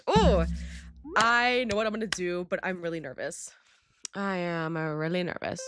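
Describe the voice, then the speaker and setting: A woman's voice: mid-range voice, fairly bright tone, no echo, studio quality. Bubbly young woman gaming YouTuber. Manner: bubbly, dramatic, slangy, sudden squeals. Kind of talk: casual gaming commentary.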